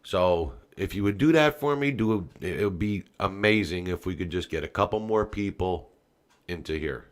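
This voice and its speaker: A man with a fairly low voice hosts a political talk podcast, swinging between low, muttered remarks and loud, heated outbursts. He swears freely and talks to his audience in a casual, folksy way. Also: lively intonation, normal speed. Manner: casual and folksy, speaks straight to viewers. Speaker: podcast host.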